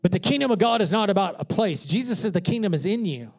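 A man preaching a sermon in church, joking with the congregation and swinging from hushed whispers to shouts. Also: high-pitched, animated, fast talker, faint music behind. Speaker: pastor.

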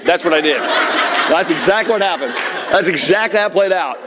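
Middle-aged male pastor, slightly high voice, lively storyteller sermon to a seated crowd. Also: a little fast, a little hiss or hum. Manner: animated storyteller, acts out shouted quotes. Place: room with tables of listeners.

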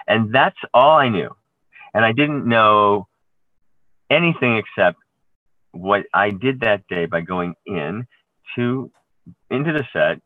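Very low-voiced man on a tinny line. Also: dry recording. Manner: rambling, halting storytelling with many restarts. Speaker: actor guest. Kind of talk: conversational interview. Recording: tinny phone-like line, dry.

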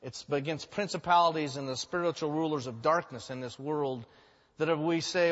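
A man preaches from the pulpit with a high, bright voice, telling stories animatedly and dropping in joking asides. The sound rings through a large echoing hall and comes across muffled and dull. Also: moderate pace. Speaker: pastor. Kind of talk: sermon.

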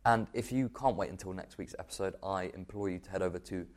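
A man with a notably low, deep voice narrates a podcast segment. His delivery is scripted and measured, walking the listener through each point. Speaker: podcast host.

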